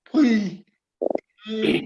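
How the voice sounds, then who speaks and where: A man hosting an online comedy show over a video call, introducing acts in a drawn-out way. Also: high-pitched, warm tone. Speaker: host. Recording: echoey, muffled video call with faint noise.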